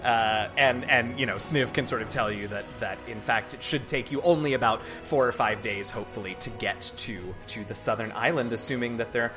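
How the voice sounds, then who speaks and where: A game master man narrating a tabletop adventure in a moderate voice, quick to laugh and drop playful asides. Steady music plays underneath the podcast. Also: medium pitch.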